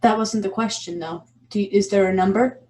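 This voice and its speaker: A woman's voice: mid-range voice, steady tone, fairly quick, darkish tone. A woman playing in a tabletop game, asking direct, persistent questions in character. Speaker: player.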